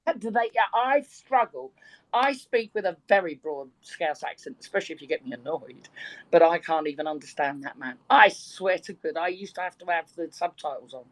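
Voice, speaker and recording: A woman's voice: lowish voice, expressive, fairly quick, dry recording, poor audio. Chatty, bawdy woman in her sixties. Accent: London. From Birkenhead, England. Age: 60s. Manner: bawdy, chatty storyteller who laughs often. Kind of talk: casual group chat.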